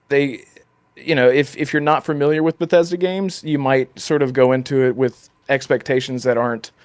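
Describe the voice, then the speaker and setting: A man co-hosting a casual podcast chat, animated and quick to laugh, with many restarts. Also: on the high side. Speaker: podcast co-host.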